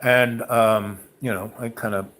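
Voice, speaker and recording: A man's voice: fairly low pitch, fairly even intonation, unhurried, a bit bright. A man hosting a podcast, telling a personal story in a casual, rambling way full of fillers and restarts. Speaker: podcast host.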